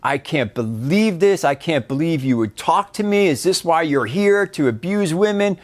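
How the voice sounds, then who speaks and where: A man's voice: sits high, moderate pace, smooth, voice pushed up, lightly acted. A man mimicking an indignant young woman. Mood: outraged. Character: indignant young woman, flaring then contrite.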